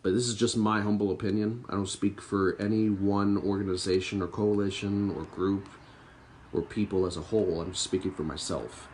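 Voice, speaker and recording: A man's voice: fairly low pitch, steady tone, moderate pace, a little mellow, slight background noise. A young man hosting a podcast, delivering an angry political rant full of profanity and bitter sarcasm. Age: young adult. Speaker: podcast host.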